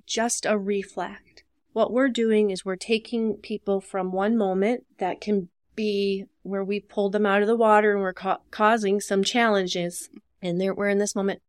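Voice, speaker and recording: A woman's voice: mid-range voice, fairly even intonation, a little slow, no echo, studio quality. A woman with an Upper Midwest American accent, a dementia care professional, earnestly explaining caregiving tips in a podcast interview and acting out short example dialogues. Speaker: dementia care business owner and social worker.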